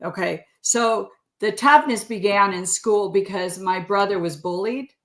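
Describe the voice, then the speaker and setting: A woman's voice: mid-range voice, a little slow. Chatty sixty-year-old woman, roomy sound. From California. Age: 60s. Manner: chatty storyteller who laughs often. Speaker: podcast guest. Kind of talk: casual interview chat.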